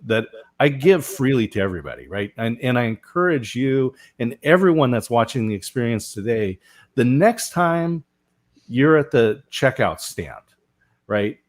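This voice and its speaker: A man's voice: mid-range voice, sing-song, normal speed. A man hosting a live panel talk show, telling stories and often asking "right?". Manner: storytelling, asks rhetorical "right?". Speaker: show host.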